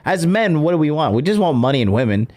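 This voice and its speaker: A man's voice: a little high, very animated, quick pace, a little mellow. A man hosting a casual conversation, talking loosely with many fillers and restarts.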